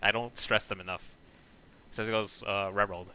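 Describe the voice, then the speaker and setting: Bright, fast-rambling male gaming streamer. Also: on the low side, steady tone, clean tone. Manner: rambling, self-describes talking too fast. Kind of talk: casual gameplay commentary.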